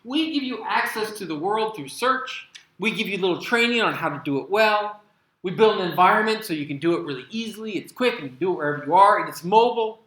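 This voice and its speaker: An American man giving an animated conference keynote talk, with emphatic delivery and sarcastic asides. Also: high-pitched, fast talker, heavy reverb, poor audio. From United States. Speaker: keynote speaker. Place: conference hall.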